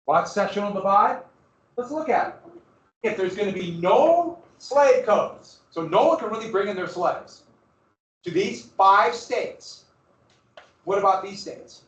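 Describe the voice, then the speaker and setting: A man teaching history to a class, his voice raised a little higher than most men's. He keeps quizzing the students and then supplies the answers himself. The recording catches him from across an echoey classroom. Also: animated, measured pace, a bit bright, highs cut off. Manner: asks the class questions and answers them himself. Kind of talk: classroom lecture. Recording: roomy classroom recording from far off.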